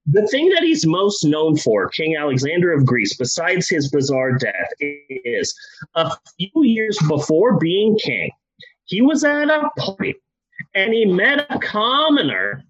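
A man retelling history for comedy in a casual, profane, animated way. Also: high-pitched, measured pace, breathy edge, lo-fi sound. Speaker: comedy storyteller.

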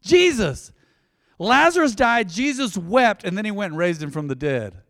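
A male pastor preaches in a folksy, chatty way, slipping into short acted-out exchanges between people. His voice sits fairly high for a man. It carries a long hall reverb over an otherwise dry close sound. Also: lively intonation, moderate pace, fairly bright tone. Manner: folksy and conversational, acting out little dialogues. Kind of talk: sermon.

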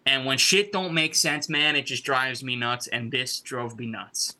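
Very bright-toned male co-host. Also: mid-range voice, fairly even intonation, a little slow. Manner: rambling, frequent fillers, swears. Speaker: podcast co-host. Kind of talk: casual wrestling talk.

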